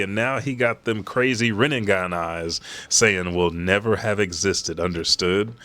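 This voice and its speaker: Deep-voiced man reading a comic live. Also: bright, forceful tone. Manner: swears freely, reads lines aloud between asides. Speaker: host reading and reacting to a comic chapter. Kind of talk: casual live reaction reading.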